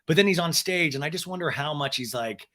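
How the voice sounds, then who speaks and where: A man's voice: a little high, lively intonation, brisk, pushed and bright. A man hosting a podcast, giving comedic recap commentary in a sarcastic, profane way. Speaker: podcast host.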